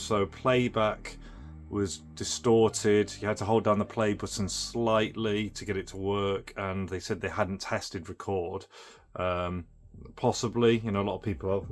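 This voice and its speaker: Man, lowish voice, casual toy demo, rambling, lots of ums and restarts. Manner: rambling, with many fillers and restarts. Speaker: retro toy restorer and channel host. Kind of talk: casual show-and-tell demo.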